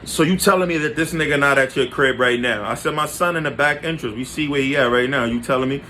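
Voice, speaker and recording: A man with a slightly high voice tells stories about his exes to camera. He talks in casual, slangy, profane bursts and keeps checking in with his listeners. Faint noise hums behind him. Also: brisk, hardly any pauses, sharp tone. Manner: slangy, blunt and profane, often addresses listeners directly. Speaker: vlogger telling his own relationship stories.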